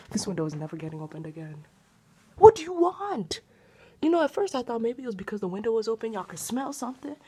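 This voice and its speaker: A woman vlogging casually from a room indoors, dramatic and cursing, swinging between loud outbursts and whispers. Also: mid-range voice, expressive, racing, few pauses, slight background noise. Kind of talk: casual vlog.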